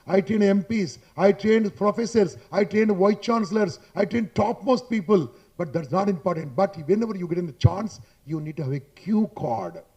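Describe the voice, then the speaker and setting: A man's voice: high voice, dark tone. A man with an Indian English accent giving an emphatic, repetitive motivational talk on public speaking to a live audience in a hotel hall, speaking into a handheld mic and tagging points with "boss". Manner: chatty, addresses listeners directly.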